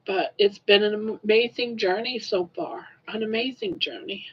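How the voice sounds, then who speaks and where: A woman's voice: medium pitch, moderate pace, breathy edge, highs cut off. An older woman crying on a casual livestream, tearful and grateful as she thanks her viewers. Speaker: crochet livestreamer.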